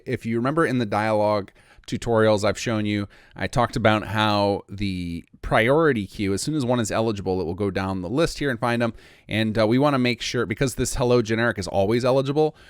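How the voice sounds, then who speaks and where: Gravelly-voiced man teaching modding software. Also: on the low side, no room sound, studio quality. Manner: casual, thinks aloud while clicking, self-correcting. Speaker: modding tutorial instructor. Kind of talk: screen-recorded software tutorial.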